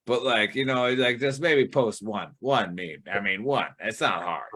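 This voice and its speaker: A man's voice: medium pitch, measured pace, pushed and bright. A man hosting a casual sports betting podcast, talking in a rambling way and swearing casually. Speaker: show host.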